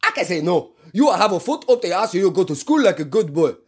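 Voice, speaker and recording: Man doing a stern Nigerian pidgin-accented cabbie, lecturing, raised pitch, punchy. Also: very animated, fairly quick, husky, exaggerated voice. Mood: scolding. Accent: Nigerian pidgin English. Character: brusque Nigerian male taxi driver scolding passengers.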